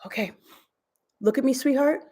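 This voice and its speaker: A woman's voice: high voice, normal speed, warm tone. A woman doing live psychic energy readings, casual and soothing, calling her caller sweetheart and leading guided visualizations. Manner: swears casually. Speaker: psychic reader.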